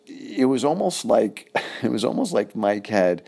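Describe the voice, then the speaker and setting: A middle-aged man recalling an old friend in a casual, halting, reflective way with many pauses. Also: on the low side, very animated, creaky, darkish tone, husky. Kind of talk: casual personal recollection.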